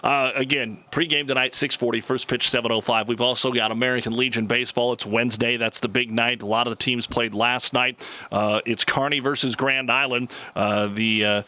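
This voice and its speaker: A man's voice: medium pitch, fairly even intonation, fairly quick, sharp tone. A man hosting a sports radio show, easygoing as he interviews guests and reads game schedules and promos into a studio microphone.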